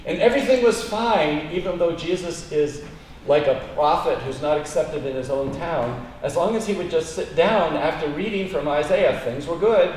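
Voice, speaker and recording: A man's voice: fairly high pitch, normal speed, darkish tone. A man preaching a sermon as pastor, telling stories and acting out the voices in a joke. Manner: storytelling preacher, acts out dialogue in a joke. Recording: echoey room, mic at a distance, faint hiss.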